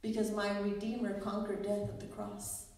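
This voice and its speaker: A woman's voice: medium pitch, completely flat delivery, normal speed, darkish tone. A woman pastor preaching a sermon in a church, quoting scripture in an earnest storytelling way. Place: church sanctuary. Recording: echoey hall, voice from a distance.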